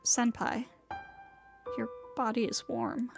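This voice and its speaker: Woman doing a calm, gentle teen boy in a visual novel read, unhurried and soft. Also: fairly high pitch, creaky, music in the background. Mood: tender. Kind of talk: dramatic reading of a visual novel.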